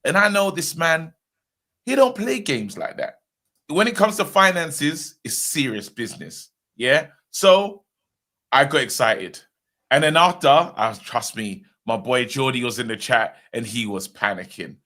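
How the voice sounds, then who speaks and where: A man's voice: mid-range voice, unhurried. A man co-hosting a football podcast, telling stories in casual chat and laughing often. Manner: laughs often, excitable storytelling. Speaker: podcast co-host.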